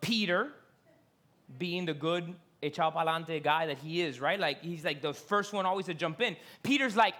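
A pastor preaching a sermon in a casual, joking way, with many fillers, acted-out quotes and sudden swings between loud highs and hushed lows. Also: normal speed.

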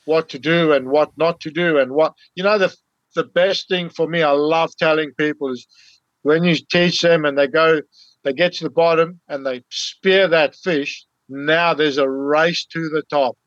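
A man's voice: fairly high pitch, fairly even intonation, a little slow, fairly bright tone, no room sound, muffled recording. Man explaining things casually. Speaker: podcast guest. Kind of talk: casual storytelling.

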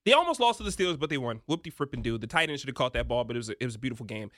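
A young man giving sports betting picks in an emphatic, excitable talk-show manner. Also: mid-range voice, racing, no echo, studio quality. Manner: emphatic, rising to excited near-shouts.

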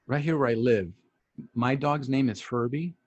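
A man's voice: mid-range voice, normal speed, slightly rough, dry recording, lo-fi sound. A middle-aged man chatting casually as a podcast co-host, telling stories animatedly, putting on voices and swearing casually. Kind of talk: casual chat.

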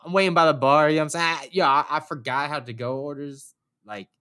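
A young man telling a story in casual chat, animated and profane, acting out the people he quotes. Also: on the high side, quick pace, clear, resonant tone.

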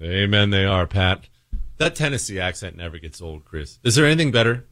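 A man's voice: sits low, expressive, fairly quick, a bit bright, dry recording, clean studio sound. A man hosting a talk radio show, talking in a brash, sarcastic, opinionated way and joking with his producer. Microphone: studio microphone.

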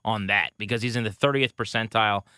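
A man co-hosting a baseball podcast, casually rattling off pitching stats with a wry edge. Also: fast, pushed and bright, clean tone, no room sound, clean studio sound. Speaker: podcast co-host. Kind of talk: casual sports talk.

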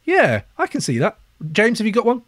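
Excitable podcast host, animated voice. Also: male voice, high-pitched, fairly quick. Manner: excitable, laughs often, swears casually. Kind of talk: casual album-review chat.

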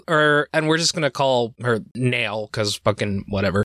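A man co-hosting a podcast in casual chat, animated and jokey, swearing freely. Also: medium pitch, moderate pace, no echo, studio quality. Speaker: podcast co-host.

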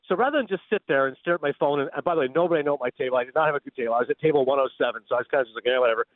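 A man from Canada, a guest broadcaster, telling animated, excitable anecdotes in a rapid-fire radio storytelling style. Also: mid-range voice, dry recording. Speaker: guest sports and film broadcaster. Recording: tinny phone-like line.

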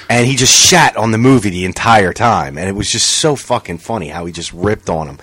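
A man's voice: fairly low pitch, brisk, few pauses, husky, no room sound. Dry-sounding man telling a story. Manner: animated storyteller, acts out quotes, swears. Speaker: podcast co-host. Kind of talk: casual chat.

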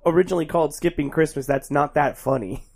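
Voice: medium pitch, fast talker, gravelly, a little mellow, slightly rough. A podcast co-host chatting casually, griping wryly and sarcastically about a movie with laughs.

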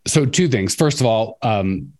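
A middle-aged man hosting a casual podcast, his voice sitting low in its register. He tells stories with energy and slips into raised, playful voices when he quotes people. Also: measured pace. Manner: animated storyteller, acts out quotes in a raised voice. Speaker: coach and podcast host for cleaning business owners.

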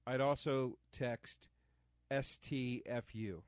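A man's voice: mid-range voice, slow pace, smooth, no room sound, clean studio sound. A man co-hosting a casual film commentary podcast, enthusiastic, playful and emphatic. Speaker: podcast co-host.

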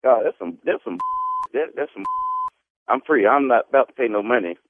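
A man's voice: medium pitch, animated, normal speed, a little hiss or hum. A man who picks up a prank call and talks back in an indignant, profane way. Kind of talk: phone call. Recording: tinny phone line.

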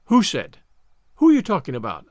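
A severe older woman scolds with sarcasm and sharp demands, as a man puts her on while reading. Her voice is raised high and swings widely. It is recorded close and dry. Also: huge pitch swings, fairly quick, no echo. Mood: stern.

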